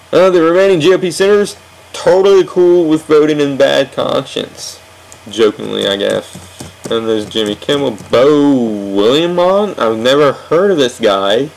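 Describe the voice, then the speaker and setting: A man's voice: medium pitch, low-quality recording. A man hosting a political commentary show, ranting sarcastically with frequent restarts.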